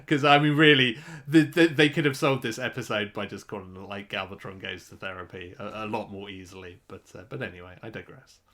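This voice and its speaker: Bright-voiced man rambling in podcast chat. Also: on the low side, a little fast, few pauses. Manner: rambling, lots of fillers like "like" and "yeah". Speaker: podcast co-host.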